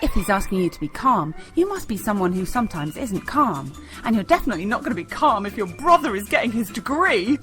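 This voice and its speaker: A woman teaching improv comedy in a bright, demonstrative instructional narration. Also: mid-range voice, sing-song, brisk, soft background music. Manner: bright, demonstrative, sing-song.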